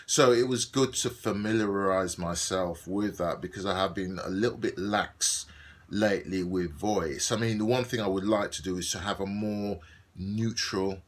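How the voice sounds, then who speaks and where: Middle-aged man, Birmingham accent, low pitch; casual video diary, rambling, filler-heavy. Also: moderate pace. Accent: Brummie. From Birmingham, England. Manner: rambling, filler-heavy, many ums and restarts. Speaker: actor and video diarist.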